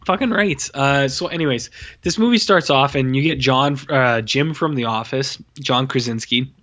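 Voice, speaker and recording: A man co-hosting a podcast, bluntly and profanely ranting about a film he disliked, his voice going a little hoarse. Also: mid-range voice, normal speed, fairly bright tone, muffled recording. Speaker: podcast co-host. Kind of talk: casual film review chat.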